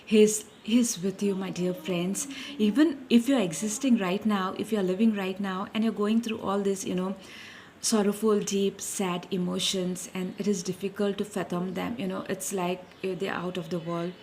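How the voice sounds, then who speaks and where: A woman's voice: mid-range voice, fairly even intonation, moderate pace, a little mellow, a little hiss or hum. A woman giving an informal devotional message, earnest and repetitive, often calling listeners her dear friends and correcting herself as she goes. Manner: self-correcting, searching for words. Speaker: Christian speaker.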